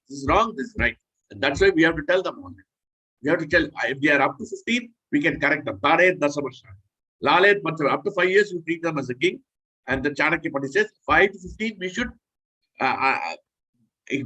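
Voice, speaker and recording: Husky-voiced man giving a scripture class. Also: on the high side, bright, forceful tone, poor audio. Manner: earnest, repetitive, instructive. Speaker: preacher.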